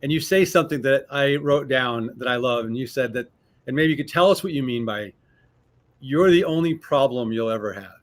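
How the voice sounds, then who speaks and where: A man's voice: medium pitch, a little fast. A man hosting an interview, asking questions in an appreciative, encouraging manner. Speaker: podcast host.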